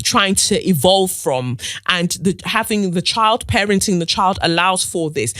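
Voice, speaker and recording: A woman's voice: lowish voice, a bit bright, no room sound. A woman hosting a podcast, giving outspoken, profane, slang-filled commentary. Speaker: podcast host.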